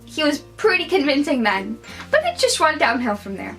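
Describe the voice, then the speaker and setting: A woman's voice: sits high, sing-song, normal speed, fairly bright tone, soft background music, rough recording. A woman giving a casual vlog movie review, chatty and opinionated, with many fillers.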